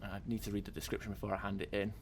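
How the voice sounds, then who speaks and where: A man's voice: fairly low pitch, level tone, rapid-fire, a little hiss or hum. A young man hosting a casual game playthrough, chatty and loose, swearing freely and reading item text aloud. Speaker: let's play host. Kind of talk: casual gaming commentary.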